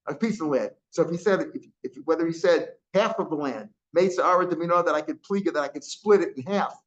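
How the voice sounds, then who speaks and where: A man's voice: a little high, a bit bright. A man teaching a daily Talmud class, explaining each line and mixing English with Aramaic and Hebrew terms, often repeating and restarting phrases. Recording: dull lo-fi recording.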